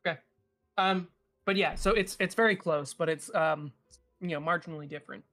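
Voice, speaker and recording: A man's voice: a little high, brisk, fairly bright tone, no room sound, faint music behind. A man narrating a tabletop game as game master, hesitant and full of filler sounds.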